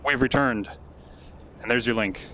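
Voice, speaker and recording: Male streamer, middle pitch, talks to chat and gets excited at what he sees, via headset mic. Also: unhurried, a little hiss or hum. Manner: chatty, thanks chat viewers by name; excitable, easily amazed. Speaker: game streamer. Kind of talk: live game stream commentary.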